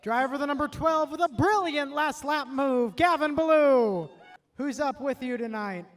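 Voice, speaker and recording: A man's voice: extremely high pitch, measured pace. A man interviewing race winners trackside with an enthusiastic announcer manner.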